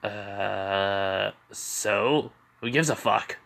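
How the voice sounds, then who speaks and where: A man's voice: fairly low pitch, very slow, vocal fry, heavily acted. A man voicing a brash, foul-mouthed young male hero who curses casually. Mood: rude. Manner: curses casually, shouts when annoyed.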